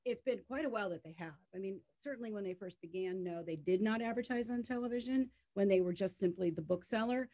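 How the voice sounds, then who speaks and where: A woman's voice: medium pitch, fast, hardly any pauses. Emphatic middle-aged businesswoman guest. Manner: emphatic, animated storyteller. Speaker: media tech startup co-founder, guest. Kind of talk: conversational interview.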